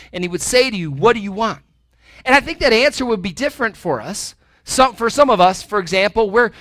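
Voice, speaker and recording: Male pastor, sermon delivery, high bright voice, dry close sound, chatty and playful. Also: dry recording. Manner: conversational preaching with playful asides. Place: church sanctuary.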